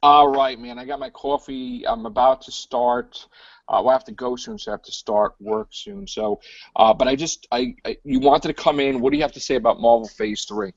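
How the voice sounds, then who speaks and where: A man hosting a casual podcast chat, animated and joking, with a gravelly voice. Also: moderate pace, no echo, dull audio. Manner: animated, jokey, slips into goofy high voices. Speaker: podcast host.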